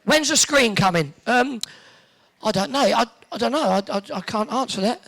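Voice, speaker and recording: A man hosting a bowls event, teasing the crowd with quick cheeky one-liners over a handheld microphone in a large indoor arena. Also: very high-pitched, animated, fairly bright tone. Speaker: arena host entertaining the crowd.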